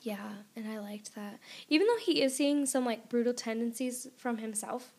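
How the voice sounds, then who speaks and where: A young woman co-hosting a book podcast in casual chat, animated and laughing often. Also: a little high, normal speed.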